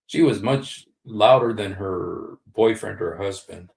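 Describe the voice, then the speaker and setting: A man's voice: fairly low pitch, slow pace, vocal fry. A man in his sixties giving casual livestream commentary, rambling, repeating key phrases and speaking straight to his viewers. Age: 60s. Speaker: live streamer. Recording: roomy echo.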